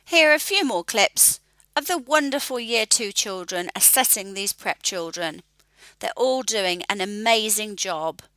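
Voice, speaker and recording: A woman, a literacy educator calmly explaining a reading assessment in a clear, measured voice-over. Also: medium pitch, no echo, rough recording.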